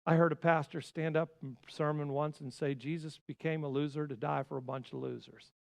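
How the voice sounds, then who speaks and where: Male pastor, sermon, dramatic loud-to-hushed delivery, slightly high voice, long hall reverb. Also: steady tone, a little fast, vocal fry. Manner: dramatic swings from loud emphasis to hushed asides. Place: church sanctuary.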